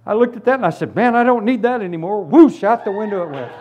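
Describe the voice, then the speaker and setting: A man telling his conversion story as a sermon, with lively storytelling that moves from hushed tones to shouted praise. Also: high-pitched, fast, highs cut off, slight background noise. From Florida, US. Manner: animated storytelling, drops to hushed tones then bursts into shouts. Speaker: preacher giving testimony. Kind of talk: testimony sermon.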